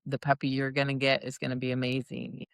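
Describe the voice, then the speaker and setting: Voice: medium pitch, completely flat delivery, quick pace, vocal fry, no echo. A dog breeder telling stories in a casual, rambling chat full of asides. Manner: chatty and rambling, with many restarts and asides.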